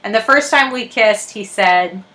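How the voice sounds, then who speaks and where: A woman's voice: mid-range voice, measured pace, sharp tone. A young woman co-hosting a podcast, chatting casually and animatedly, laughing often as she tells anecdotes. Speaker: podcast co-host. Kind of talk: casual chat.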